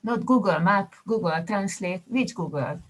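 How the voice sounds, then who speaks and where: A woman student speaking in an online class over a video call, halting and searching for her words. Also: mid-range voice, expressive, rough recording.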